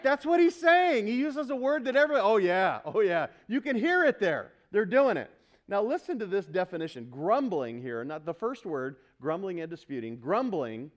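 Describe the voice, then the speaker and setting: A man preaching a sermon to a church congregation, animated and emphatic, asking the room for responses and then dropping to quiet earnest teaching. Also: high-pitched. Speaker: pastor.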